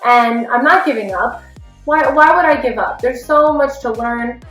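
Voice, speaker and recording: A woman's voice: a little high, moderate pace, fairly bright tone. Chatty woman in her thirties, echoey room. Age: 30s. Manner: rambling, heartfelt, lots of "like". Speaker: running coach. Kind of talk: candid personal vlog. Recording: echoey room, faint music.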